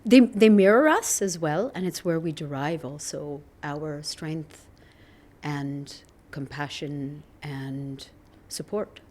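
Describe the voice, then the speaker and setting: Middle-aged woman, podcast guest, lowish voice, earnest, reflective, laughs a lot. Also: slow, a little mellow, a little hiss or hum. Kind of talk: candid podcast conversation.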